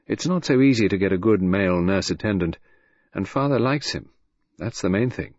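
A grave, gentle husband, read by a man in a near-natural voice, mild and a little dreamy. The voice sits low with a husky edge. The recording is dry and slightly muffled. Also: animated, moderate pace, no echo. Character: grave, gentle, dutiful middle-aged son.

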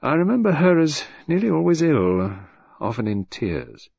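A man playing a grave, gentle dutiful son. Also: on the high side, big pitch swings, normal speed, gravelly, husky, no echo, voice pushed up, heavily acted. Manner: grave, mild, dreamy. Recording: dull, dry lo-fi recording.

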